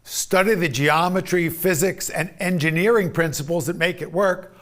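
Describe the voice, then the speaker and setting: A man narrating a scripted lesson in a measured, deliberate way. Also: sits high, fairly bright tone. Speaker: course instructor.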